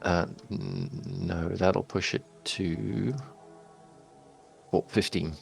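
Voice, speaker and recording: A man's voice: low voice, steady tone, extremely slow, vocal fry, soft background music. A man playing a tabletop game, hesitant and stumbling over his words. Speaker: player. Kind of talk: casual tabletop play.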